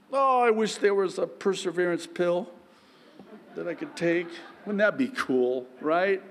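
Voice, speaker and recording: A man preaching a sermon as a pastor, acting out lively back-and-forth dialogues with God. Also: sits high, measured pace. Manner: acts out both sides of dialogues with God, animated. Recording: long hall reverb.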